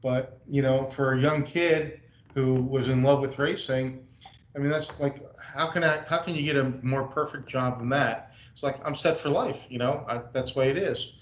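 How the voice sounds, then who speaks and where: A man's voice: mid-range voice, steady tone, normal speed, echoey room, rough recording. A middle-aged American man casually telling a rambling anecdote on a video call. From USA. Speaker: guest speaker, race car designer. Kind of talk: relaxed storytelling Q&A.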